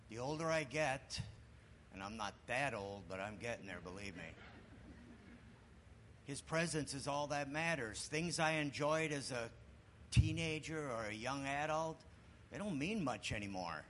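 A man's voice: medium pitch, fairly bright tone, a little hiss or hum. Reflective middle-aged man's church testimony. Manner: reflective, unhurried. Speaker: congregation member sharing testimony. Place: church sanctuary.

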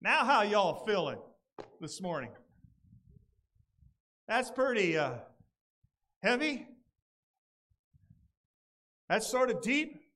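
Man, pastor, high-pitched voice, earnest conversational sermon. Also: big pitch swings, slow pace, pauses often, pushed and bright. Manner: earnest, conversational preaching with dramatic scripture reading.

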